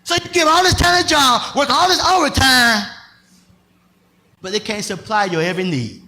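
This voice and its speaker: A male pastor preaching a sermon, swinging from loud shouted lines to soft asides with bursts of laughter. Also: extremely high pitch, expressive, normal speed.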